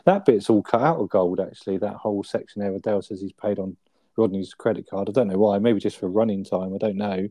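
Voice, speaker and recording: A man's voice: on the low side, fast, dark tone, no room sound. A man in casual chat, retelling sitcom scenes with frequent laughter and swearing. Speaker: podcast co-host.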